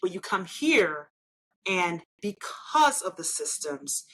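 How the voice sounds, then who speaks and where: A woman's voice: lowish voice, very animated, slow, a bit bright, slight background noise, rough recording. Woman, interview guest, emphatic and persuasive delivery. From Nigeria. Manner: emphatic, persuasive, often tags points with "right?". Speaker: interview guest, engineer and elected official. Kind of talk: conversational interview.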